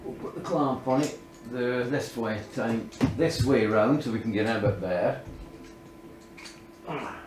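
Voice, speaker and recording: A man's voice: mid-range voice, measured pace, roomy sound, poor audio. Chatty man muttering through workshop jobs. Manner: chatty, talks himself through each step, often muttering under his breath. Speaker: DIY woodworking vlogger. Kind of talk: casual workshop demonstration.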